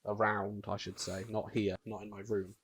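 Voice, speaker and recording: Low-voiced man, 18, swearing. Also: flat delivery, normal speed, a crowd in the background. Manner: swears often, laughs at himself. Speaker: podcast co-host. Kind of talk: casual chat.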